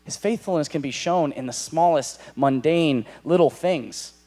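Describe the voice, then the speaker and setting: A young man with an American accent preaching a sermon to young adults, animated, acting out the characters in paraphrase. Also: fairly high pitch, measured pace. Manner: animated, voices God and Elijah in paraphrase.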